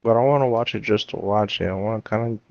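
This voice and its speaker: A man's voice: lowish voice, fast talker, creaky, a little mellow, no room sound. A young man in casual chat, rambling and slangy, often laughing through his stories. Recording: dull, dry sound.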